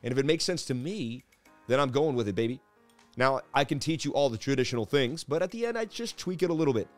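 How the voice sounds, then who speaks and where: A man's voice: medium pitch, fast, faint music behind. Hyped male crypto stream host. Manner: hyped, preachy, says "baby" often. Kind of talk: live market analysis chat.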